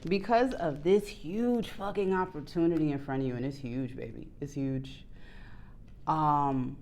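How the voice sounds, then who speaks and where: A woman doing a casual tarot reading to her viewers, candid and profane, jumping between quiet low asides and loud excited outbursts. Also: unhurried. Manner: candid, swears freely, bursts into laughs. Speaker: tarot reader.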